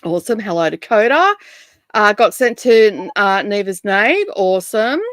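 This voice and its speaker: A woman's voice: mid-range voice, lively intonation, measured pace, a bit bright, dry recording, clean studio sound. A woman hosting a casual reading livestream, chatty, greeting viewers and laughing often. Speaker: livestream host.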